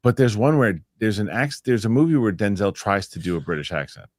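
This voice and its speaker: Low-voiced man hosting a casual podcast. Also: lively intonation, a little fast, no room sound. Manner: rambling, restarts while reading comments. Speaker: show host. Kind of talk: casual podcast chat reading viewer comments.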